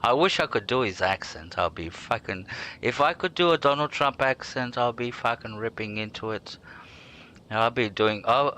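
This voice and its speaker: Bright-voiced man rambling over gameplay. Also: on the low side, a little hiss or hum. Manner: rambling, swears freely, chuckles at himself. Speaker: gaming streamer. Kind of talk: casual gameplay commentary.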